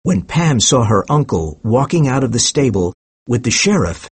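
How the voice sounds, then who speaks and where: A man narrating a children's mystery audiobook in a measured, expressive read. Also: medium pitch, slightly rough, dry recording.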